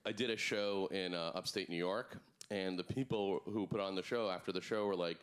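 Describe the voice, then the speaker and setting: A man doing a stand-up comedy set on a club stage, deadpan with sudden put-on voices in his bits. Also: low-pitched, normal speed, few pauses, clean tone.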